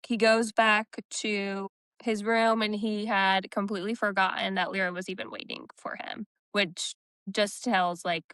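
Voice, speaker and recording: Smooth-voiced woman retelling a book. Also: mid-range voice, fairly bright tone, no echo. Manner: recounts scenes, quoting characters in her own voice. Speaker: book podcast co-host. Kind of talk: casual chat recapping a novel.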